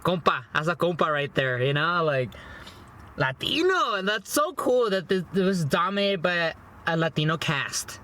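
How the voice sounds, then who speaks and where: Eating in his parked car, a young food vlogger and movie reviewer talks casually about a film, rambling and repeating himself with plenty of "you know" and "bro." His fairly high voice is very animated, pushed and bright, at a normal speed.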